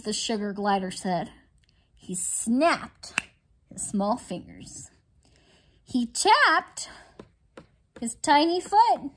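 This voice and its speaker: Slow, expressive woman reading a storybook. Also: fairly high pitch. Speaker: library storyteller. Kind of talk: children's storybook read-aloud.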